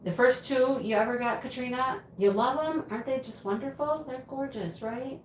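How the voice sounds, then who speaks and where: A woman's voice: high voice, moderate pace. A woman hosting a casual livestream, chatting and answering viewers' comments as she reads them. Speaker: livestream host. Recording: roomy home recording with faint ambient noise.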